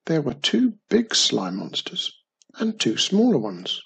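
A woman storyteller reading a children's story aloud in a slow, expressive way. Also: deep voice, vocal fry, slightly rough, rough recording.

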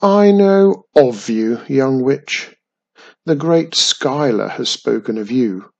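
Guy putting on a big booming grumpy castle voice, loud, slow and breathy. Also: animated, lo-fi sound, exaggerated voice. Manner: grumpy, old-fashioned phrasing. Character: deep booming male talking flying castle, grumpy.

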